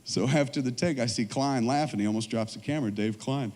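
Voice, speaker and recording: A man's voice: medium pitch, brisk, long reverb tail. A man in his forties on a trade show stage, telling long, profane, rambling stories to a live audience. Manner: profane, animated, rambling anecdotes. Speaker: filmmaker guest speaker.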